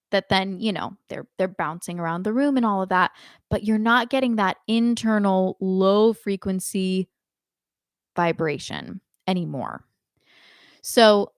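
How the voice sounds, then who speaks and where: Slow, dry-voiced woman singing teacher. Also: mid-range voice, dry recording. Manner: friendly, explanatory, frequent ums and demonstrations. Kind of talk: live online voice lesson.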